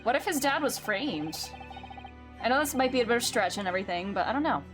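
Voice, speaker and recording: A woman's voice: a little high, animated, fast, music in the background. A woman streamer giving playful, giggly commentary while playing a game. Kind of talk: let's play commentary.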